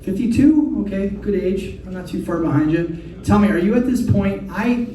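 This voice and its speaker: A man's voice: sits high, lively intonation, moderate pace, dark tone. Chatty middle-aged comedy host man. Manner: chatty, self-deprecating banter. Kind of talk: hosting a comedy night. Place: live comedy show venue. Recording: echoey room mic heard from a distance with noise.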